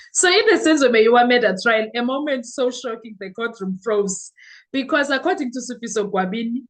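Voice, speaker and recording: A woman hosting her own podcast, commenting on a court case in a lively, exclaiming way. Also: fairly high pitch, a little fast. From South Africa. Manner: animated, exclaiming, mixing in isiXhosa/Zulu words. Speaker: podcast host. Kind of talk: casual commentary.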